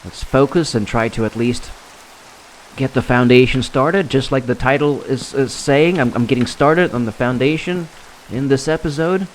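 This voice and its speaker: A man giving casual, rambling commentary while playing a game, halting and restarting his sentences often. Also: mid-range voice, slight background noise. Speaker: gameplay commentator.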